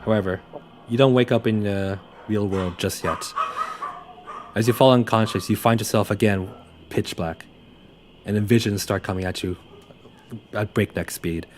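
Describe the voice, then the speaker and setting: A man's voice: fairly low pitch, fairly even intonation, normal speed, pauses often, background noise. A young man running a tabletop game as game master, narrating loosely with many fillers and restarts.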